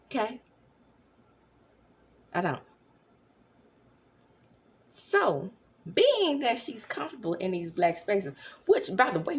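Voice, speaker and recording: A woman in her thirties gives casual commentary at home at night. She talks slowly with a wide-ranging, animated pitch, and now and then slips into a whisper. A faint hum of the room sits behind her. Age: 30s. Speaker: vlogger.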